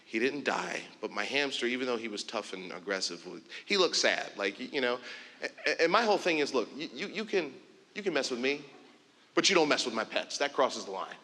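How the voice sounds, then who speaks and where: A man giving a keynote speech, telling a story in an animated way and acting out the dialogue. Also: mid-range voice, brisk. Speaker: keynote speaker. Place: conference stage in a large hall. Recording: long hall reverb.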